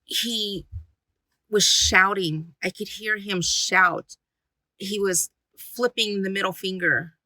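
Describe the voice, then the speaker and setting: A woman recounts what she witnessed, stopping and restarting often. Her delivery is slow and her tone bright and forceful. The recording is dry and close. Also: medium pitch, dry recording, poor audio. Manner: halting, full of fillers and restarts. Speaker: paranormal investigator. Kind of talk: recounting an experience in an interview.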